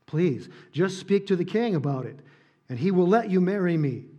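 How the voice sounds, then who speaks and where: A man voicing a clear-minded young woman who pleads urgently with raised voice. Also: high voice, animated, moderate pace, warm tone, highs cut off, pitched above the performer's own voice. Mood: pleading.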